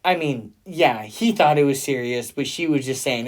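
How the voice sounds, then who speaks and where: A man tells a story in loose, animated podcast chat, swearing freely and breaking into laughter. His voice sits at a middle pitch and bounces with excitement. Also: normal speed. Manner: animated, profane, laughs often while telling a story.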